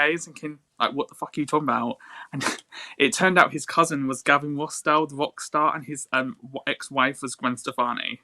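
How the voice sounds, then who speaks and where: A man, co-hosting a casual podcast over a video call and telling a story in a lively, swearing way. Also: medium pitch, fast. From England. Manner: animated, swearing, lively quoted dialogue. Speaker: co-host.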